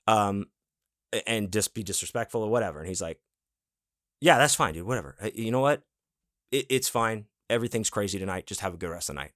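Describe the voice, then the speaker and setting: Profane storytelling man, low voice. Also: a bit bright, no echo, clean studio sound. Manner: profane, rambling, acts out quotes. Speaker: podcast host. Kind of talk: casual storytelling.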